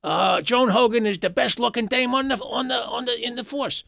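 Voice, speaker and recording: A man's voice: extremely high pitch, vocal fry, sharp tone, no echo, clean studio sound, pitched above the performer's own voice, full character voice. A man doing an impression of an older male TV comedian who plays an eager army sidekick, whining and stumbling over his words. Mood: pleading. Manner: whiny, halting, repeats himself.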